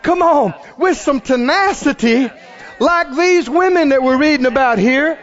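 A man preaching a sermon who rises into shouts and calls out questions to the congregation. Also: very high-pitched, unhurried, lo-fi sound.

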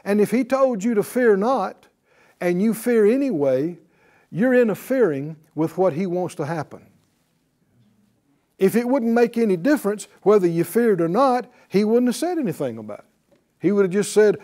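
A man's voice: high voice, big pitch swings, measured pace, warm tone. A man teaching a Bible class in a sermon style, emphatic and repetitive, often putting questions to the class.

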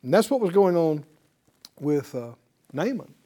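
A man's voice: fairly high pitch, very animated, measured pace, warm tone. A man teaching a Bible lesson in sermon style, emphatic and putting rhetorical questions to his listeners.

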